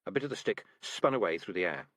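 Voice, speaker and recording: Lively male audiobook narrator, dry sound. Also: low voice, fast, no room sound. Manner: lively storytelling. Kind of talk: scripted narration.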